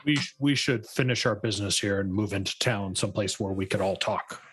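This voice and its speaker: A man playing a calm, courteous male warrior who carries a shield and warhammer, speaking in a measured, formal way. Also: on the low side, a little hiss or hum, lightly acted. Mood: placating.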